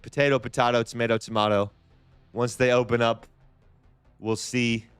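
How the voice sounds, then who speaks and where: A man with a smooth, resonant voice at a middle pitch hosts a live trading stream. His talk is loose and chatty, full of repeated phrases and quick restarts. Faint music plays behind him. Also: little pitch movement, no echo. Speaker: livestream trading host. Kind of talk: casual live-stream chat.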